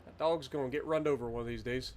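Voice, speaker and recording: A man's voice: mid-range voice, quick pace. A man streaming a farming game, chatting casually with viewers while he plays. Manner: chatty, rambling, talks to chat while playing. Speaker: livestreamer. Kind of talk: casual gameplay commentary.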